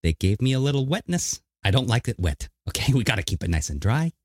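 A man's voice: medium pitch, very animated, fast talker, no room sound, clean studio sound. A man putting on a brash, pushy impression of a politician as a gutter-fixer, pressing his points with a repeated "okay?". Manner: pushy, streetwise, punctuated with "okay?".

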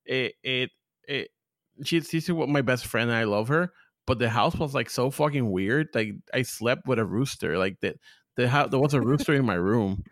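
Man, Spanish accent, native Spanish speaker, podcast guest, animated and profane, dry close mic. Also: normal speed, no echo. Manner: animated storyteller, big pitch jumps, profane. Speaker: podcast guest, content creator. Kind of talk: casual interview chat.

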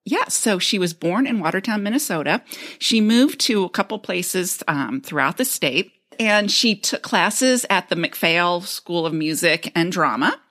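A woman co-host with a notably low voice, walking her friends through research she has gathered. She sounds enthusiastic and tells it like a story. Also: expressive, a little slow, a bit bright. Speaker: podcast co-host. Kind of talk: casual chat, reading researched notes.

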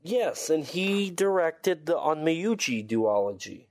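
A man's voice: a little high, very animated, slow pace, darkish tone. A tired man co-hosting a podcast, chatting casually with lots of fillers and restarts. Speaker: podcast co-host. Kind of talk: casual chat.

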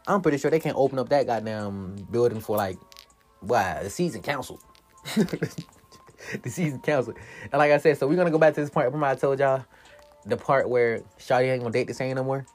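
Man, casual profane movie recap, middle pitch, faint music under it, laughs and acts out lines. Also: a little fast. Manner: profane, animated, laughs often, acts out quotes.

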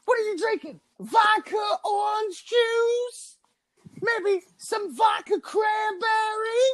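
A shrieking falsetto rock frontman. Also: slow, a bit bright, shouting, exaggerated voice, rough recording. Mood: hyped. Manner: shrieking falsetto stage banter, sung-out lines. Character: screaming high-voiced male rock frontman working a crowd.

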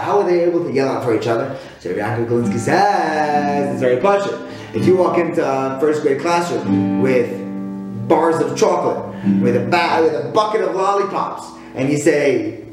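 A man giving a weekly Torah talk, animated, asking rhetorical questions and often restarting his sentences. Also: a little high, measured pace. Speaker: Torah speaker. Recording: very echoey room with loud guitar music.

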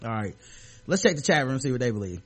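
This podcast host talks fast over a video call, his medium-pitched voice swinging widely in pitch. He keeps things casual and jokey, frequently laughing mid-sentence.

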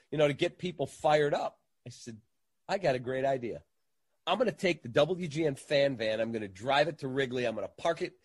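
A man, a sports radio entertainer, telling an animated anecdote in a casual interview and acting out the quotes. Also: mid-range voice, slightly rough, no echo.

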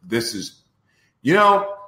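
A man's voice: mid-range voice, sing-song, takes it slowly, sharp tone, roomy sound. A man hosting a podcast in a casual live-stream chat, exasperated and ranting over technical trouble. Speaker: podcast host.

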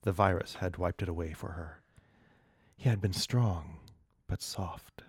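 A man's voice: sits low, slightly rough, no room sound, studio quality. A man co-hosting a podcast, reading an erotic short story aloud for laughs and often breaking up. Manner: slow, lively reading broken by laughing fits. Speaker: podcast co-host. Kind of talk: comic reading of erotic fiction.

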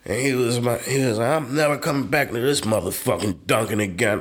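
A young man co-hosting a podcast, telling profane stories in an animated way with loud laughs. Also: mid-range voice, brisk, hardly any pauses. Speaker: podcast co-host. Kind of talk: casual chat, storytelling.

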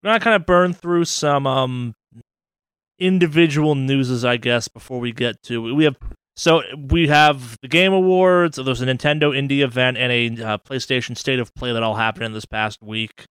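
Smooth-voiced man in loose gaming chat. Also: mid-range voice, normal speed, a bit bright, dry recording. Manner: enthusiastic, rambling, swears freely. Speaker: podcast co-host. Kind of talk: casual gaming news chat.

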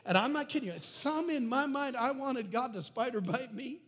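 Husky high-voiced male preacher. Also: moderate pace. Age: adult. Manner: animated, swings from loud calls to hushed near-whispers. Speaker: pastor. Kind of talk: sermon.

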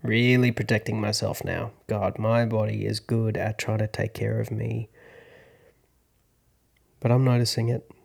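A man in his thirties, an actor hosting a podcast, telling a personal story in a slow, reflective, hushed way. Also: lowish voice, little pitch movement, vocal fry, slightly rough. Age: 30s. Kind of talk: first-person storytelling narration.

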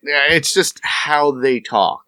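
A man's voice: on the high side, slow, pushed and bright, dry recording, clean studio sound. A man chatting casually on a podcast, explaining things in an easygoing way and swearing freely.

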